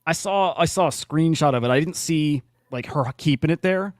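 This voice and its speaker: A man's voice: on the high side, normal speed, dry recording. A man hosting a podcast in casual chat, blunt and profane with plenty of restarts. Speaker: podcast host.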